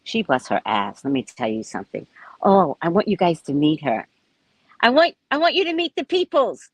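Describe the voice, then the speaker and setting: A woman vlogger tells her story in a casual, frank way, a little profane at times. Her pitch moves a lot as she talks, rising and dropping. The sound is close and dry, with no room echo. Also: normal speed, breathy edge. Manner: chatty, animated, frank and a bit profane. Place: at a resort.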